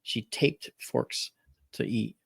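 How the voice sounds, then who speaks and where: A man's voice: takes it slowly, no room sound, clean studio sound. A man hosting a talk show, chatting casually and telling rambling, emphatic stories. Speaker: radio show host. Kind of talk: casual storytelling chat.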